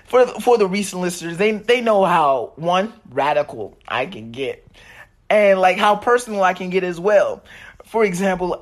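Young male podcast host, rambling and profane, very lively pitch. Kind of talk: solo podcast rant.

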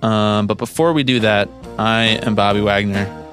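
A man's voice: lowish voice, fairly even intonation, moderate pace, over music. Laughing young man with a Philly accent. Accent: Philadelphia. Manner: joking, self-mocking, laughs often. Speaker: podcast co-host. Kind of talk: casual chat.

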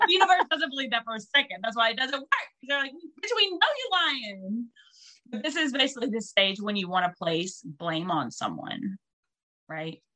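A woman's voice: a little high, big pitch swings, normal speed, sharp tone. A woman co-hosting a casual podcast chat, joking and candid, swearing freely.

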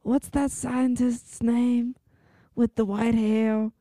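A young woman puts on a sweet old grandma with a Georgia drawl who rambles along at a crawl and lets her words sag. She pitches it a little above her own voice. The sound is close and dry. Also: little pitch movement, warm tone, dry recording. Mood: doddering. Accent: Georgia attempted. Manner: slow drawling delivery.

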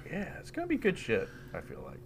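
A man's voice: mid-range voice, huge pitch swings, fast talker, a loud crowd. A man hosting a podcast, chatting casually in a rambling, profane way and laughing often. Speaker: podcast host. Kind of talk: casual chat.

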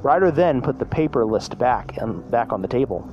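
A man's voice: medium pitch, lively intonation, normal speed, highs cut off, soft background music. A man reading a fan story aloud in a plain voice, sometimes stumbling and restarting.

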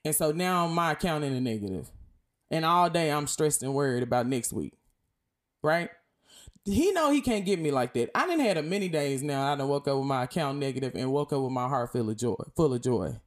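Animated young woman preaching casually. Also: low voice, fairly quick. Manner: lively, animated, preachy and conversational. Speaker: podcast host. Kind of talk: casual faith talk.

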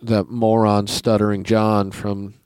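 A man's voice: lowish voice, flat delivery, slow, a little mellow, clear, resonant tone, no room sound. A man talking as a podcast guest in casual chat, blunt and sardonic, acting out quotes in his stories. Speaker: comedian guest.

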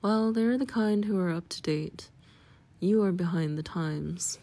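Storybook reading: woman voicing a dismissive man, mellow and curt. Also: sits high, unhurried.

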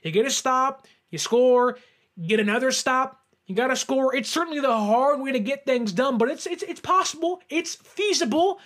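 A man hosting a sports reaction show, giving an animated fan's rant about a football game. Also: very high-pitched, moderate pace. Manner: animated, fan ranting with rising shouts. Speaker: sports podcast host. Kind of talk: excited sports reaction monologue.

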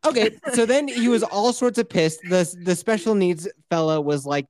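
A man's voice: sits high, animated, moderate pace, darkish tone, no room sound, studio quality. A man in his thirties co-hosting a podcast, telling a crude story with lots of swearing and laughter, acting out other people's voices. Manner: profane, laughs often, acts out voices. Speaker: podcast co-host.

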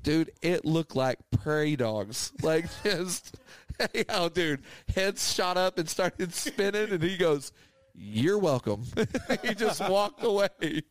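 A man's voice: high-pitched, takes it slowly, no room sound. A man, co-hosting a podcast in casual chat, rambling through funny stories and laughing often. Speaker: podcast co-host.

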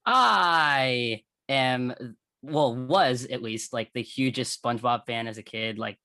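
A man's voice: medium pitch, takes it slowly, sharp tone, no echo. Hesitant man with a dry sound. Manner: hesitant, fond, full of fillers. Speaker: podcast guest. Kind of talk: casual podcast chat.

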